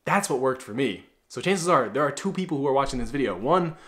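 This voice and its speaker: Speaking straight to camera like a self-improvement coach, a blunt man gives a casual motivational talk. His mid-range voice is animated, a bit bright, and a little fast, and he swears freely while repeatedly calling the viewer "bro."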